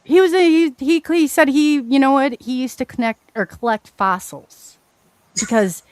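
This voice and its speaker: A woman guest telling her story in a casual, animated, rambling way, often restarting her sentences. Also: high-pitched, unhurried, no echo. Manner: animated, rambling, frequent restarts and self-corrections.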